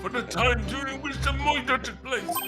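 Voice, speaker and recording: A pompous old high priest, put on by a man in a very high, reedy voice. Every line comes out as a grand pronouncement, with game music playing loudly behind. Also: normal speed. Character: self-important older male high priest. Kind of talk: playful let's-play voice acting.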